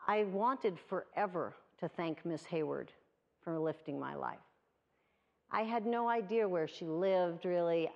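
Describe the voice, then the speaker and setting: A woman's voice: fairly low pitch, measured pace, creaky, dull audio. A woman in her sixties from the USA, giving an earnest prepared award speech and telling a personal story. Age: 60s. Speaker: award speaker.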